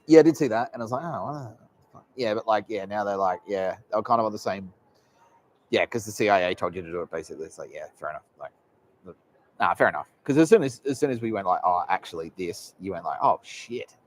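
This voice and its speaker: Rambling Australian man, low voice. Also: expressive, quick pace. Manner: rambling, profane, laughs often. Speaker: podcast host. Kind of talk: casual live podcast chat.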